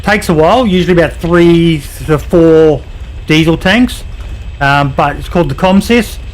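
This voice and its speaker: A man's voice: a little high, normal speed, a little hiss or hum. An Australian man streaming a game, chatting casually with his viewers and answering their messages as he plays. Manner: laid-back, chatty, reads chat aloud and answers viewers. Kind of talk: casual chat while playing.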